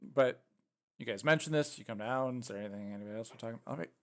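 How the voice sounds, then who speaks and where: Male game master, mid-pitched, loose and halting as he narrates. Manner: casual, halting, lots of fillers. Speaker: dungeon master.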